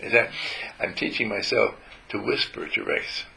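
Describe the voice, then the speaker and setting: A man giving a gentle spiritual talk to a group, telling stories and acting out how he talks to his dog. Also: lowish voice, normal speed, creaky, low-quality recording.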